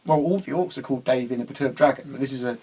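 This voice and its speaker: A man's voice: mid-range voice, rapid-fire, dark tone, slightly rough, rough recording. A young man co-hosting a casual chat, talking hesitantly with many restarts and frequent laughs. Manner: hesitant, chatty, laughs often. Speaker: co-host.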